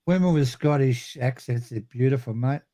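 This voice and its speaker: A man's voice: mid-range voice, normal speed, warm tone. A man chatting on an online voice call, blunt and crude, swearing often. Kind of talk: casual online voice chat.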